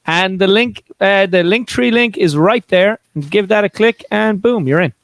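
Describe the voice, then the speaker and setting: A man's voice: sits high, normal speed, fairly bright tone, no echo. A man co-hosting a podcast, telling rambling stories with lots of laughter in casual banter. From small town. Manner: rambling storyteller, laughs often. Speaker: podcast co-host.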